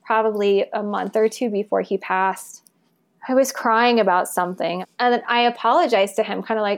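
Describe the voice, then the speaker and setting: A woman guest speaking softly and haltingly in a personal remembrance, with small laughs between thoughts. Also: mid-range voice, steady tone. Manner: soft, halting, tearful. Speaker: interview guest.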